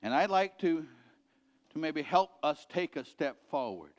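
A middle-aged male pastor preaching in a large hall, his slightly high voice carried by long reverb. He talks earnestly, repeating each point and dropping low and soft at the end of a thought. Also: sing-song, unhurried. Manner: earnest, repetitive exhortation, dropping quiet at ends of points. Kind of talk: sermon.

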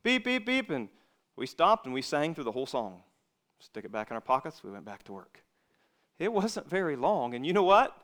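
A male preacher giving an earnest sermon to young people, swinging between loud emphasis and quiet asides. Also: mid-range voice, sing-song, moderate pace.

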